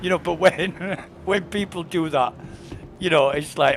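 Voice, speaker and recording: A man's voice: on the high side, a little slow. Chatty guy on a game stream, rambles and chuckles, faint hiss behind. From United Kingdom. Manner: rambling, chatty, self-amused, lots of fillers. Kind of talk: casual live-stream chat. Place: home desk.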